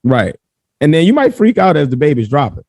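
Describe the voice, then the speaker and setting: A man co-hosting a casual podcast, thinking aloud in a relaxed way with many fillers. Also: on the high side, brisk, no echo. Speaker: podcast co-host. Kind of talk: casual chat.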